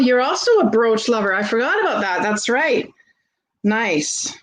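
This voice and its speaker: A woman with a Canadian accent, hosting a live vintage sale and chatting warmly with viewers as she shows jewelry. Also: on the high side, moderate pace, rough recording. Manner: chatty and gushing, greets viewers by name. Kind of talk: casual live-stream selling.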